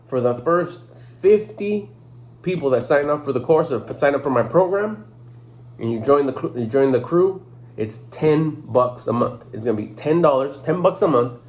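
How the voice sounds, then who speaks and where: A man at an ordinary middle pitch makes a casual sales pitch straight to camera for his personal development channel. He speaks loosely in everyday slang, often restarting and repeating words as he goes. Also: expressive, normal speed, darkish tone.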